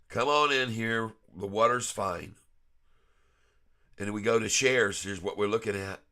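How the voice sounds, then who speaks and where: A man's voice: fairly low pitch, a little slow, long pauses, pushed and bright. A man with a stuffed-up nose giving casual, folksy stock-chart commentary to his viewers, chuckling often. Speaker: stock trading vlogger. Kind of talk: casual screen-share commentary.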